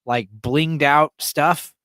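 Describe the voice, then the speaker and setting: Speaking very slowly in a slightly high voice, an American man hosts a casual livestream chat. He is profane, rambling and animated as he reads viewers' messages and responds. The recording is dry and of studio quality.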